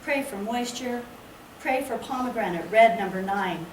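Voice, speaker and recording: Woman reading poems, slow, mid-pitched, distant mic, noisy roomy library. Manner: slow, measured, lyrical delivery. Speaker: poet reading her work. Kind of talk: poetry reading. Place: public library reading event. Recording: echoey room, distant mic, background noise.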